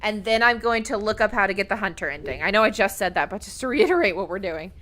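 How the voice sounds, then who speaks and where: Gushing, bright-voiced woman streamer. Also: medium pitch, animated, fast. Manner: gushing and emotional, baby-talks to her pets. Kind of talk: gaming livestream chat. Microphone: desk microphone.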